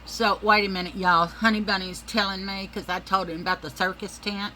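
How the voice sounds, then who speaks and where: A woman's voice: medium pitch, steady tone, fairly quick, bright, forceful tone, slight background noise, low-quality recording. A middle-aged woman, telling rambling, profane stories in a casual monologue and calling her listeners y'all.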